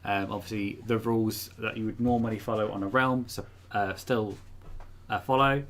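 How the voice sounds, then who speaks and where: A man's voice: fairly low pitch, fairly even intonation, normal speed, fairly bright tone, a little hiss or hum. A man hosting a live stream, chatting casually from home and rambling with lots of ums and uhs. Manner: rambling, filler-heavy, chatty. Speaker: livestream host. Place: room at home.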